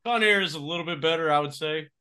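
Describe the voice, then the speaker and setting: A man's voice: fairly high pitch, fast, sharp tone, clear, resonant tone. A man co-hosting a casual podcast, crude and joking, laughing often. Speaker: podcast co-host. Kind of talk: casual chat.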